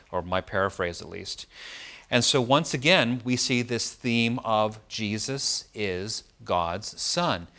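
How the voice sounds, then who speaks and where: A man's voice: on the low side, fairly bright tone. A man preaching a Bible study, explaining scripture in a conversational way and often checking in with his listeners.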